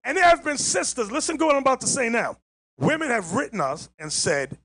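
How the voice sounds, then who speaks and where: A man preaching outdoors in a loud, emphatic voice that sits very high. His pitch swings widely, and he mocks and shouts to drive his points home. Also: big pitch swings, a little fast. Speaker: street preacher. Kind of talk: open-air sermon with Bible reading. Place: outdoors on a public green.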